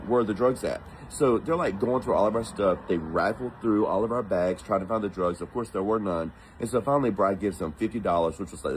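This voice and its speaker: A man from the United States shares something that happened to him, speaking in a low-leaning voice with an easygoing, lively manner and impersonating those he quotes. The recording is low-quality, with a bit of background noise.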